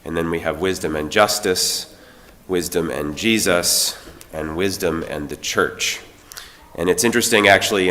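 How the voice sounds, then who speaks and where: Deep-voiced pastor preaching in a church. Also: male voice. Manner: gentle humor, then slow poetic delivery. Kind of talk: sermon. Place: church sanctuary. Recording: long church reverb.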